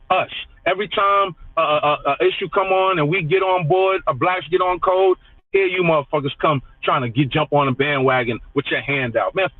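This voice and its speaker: Heated high-voiced New man ranting. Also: no room sound. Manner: profane, heated, repeats lines for emphasis. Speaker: livestreamer. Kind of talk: ranting live stream chat. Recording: tinny phone-like dry audio.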